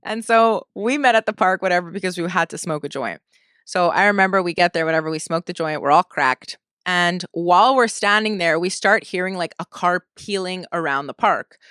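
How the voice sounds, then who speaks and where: A young woman hosting a podcast, telling a story in a casual, animated way, filled with "like" and swearing. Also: lowish voice, brisk, clean tone, no room sound, studio quality. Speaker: podcast host.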